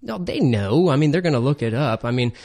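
A man co-hosting a relaxed podcast, talking in an easygoing chat. He slows down and leans on key numbers and points as he explains them. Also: mid-range voice. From Florida Panhandle. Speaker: podcast co-host. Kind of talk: casual chat.

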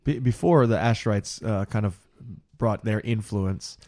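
A man's voice: fairly low pitch, unhurried, warm tone. A man hosting a talk show, asking hesitant questions with frequent restarts. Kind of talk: Christian talk show discussion.

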